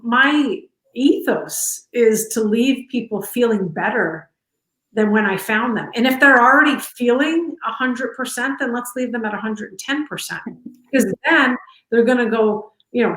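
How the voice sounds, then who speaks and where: A middle-aged woman talking casually in an interview, warm and chatty with lots of fillers and restarts, on a video call from home. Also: fairly high pitch, measured pace. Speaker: company culture executive, interview guest. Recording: echoey room.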